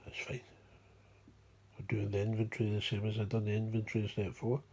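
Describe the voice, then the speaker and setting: Mumbling Scottish man, gravelly and dark. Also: lowish voice, flat delivery, fairly quick. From Scotland. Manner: mumbling, digressive. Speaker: recovery speaker. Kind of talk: rambling spoken explanation.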